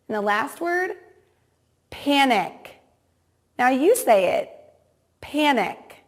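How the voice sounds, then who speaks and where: A woman teacher giving a reading lesson to young children, pronouncing each word slowly and clearly and prompting them to repeat. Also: a little high. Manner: slow, exaggerated word-by-word enunciation with repeat-after-me prompts.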